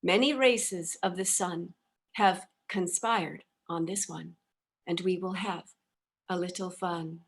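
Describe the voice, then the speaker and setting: A middle-aged woman speaks in a measured, incantatory rhythm, reciting channeled verse. She carries each rhymed line with a spell-like cadence. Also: fairly low pitch. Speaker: interview guest. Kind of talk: reciting a channeled rhyming poem.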